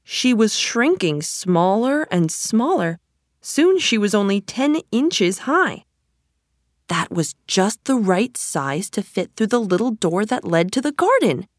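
A woman reading a children's story aloud in a gentle, deliberate storytelling manner. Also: medium pitch, sing-song, no room sound, studio quality. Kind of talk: slow storybook narration.

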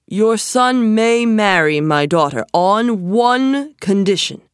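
A woman reading a storybook voices a proud sultan who speaks slowly and loudly. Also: mid-range voice, expressive, clear, resonant tone, dry recording, studio quality. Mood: commanding. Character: scoffing, booming sultan, older man.

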